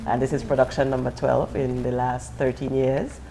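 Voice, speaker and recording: A woman guest, an actress, talking about her play in a lively, laughing way. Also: a bass voice, normal speed, a little hiss or hum, poor audio. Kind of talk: casual TV interview chat.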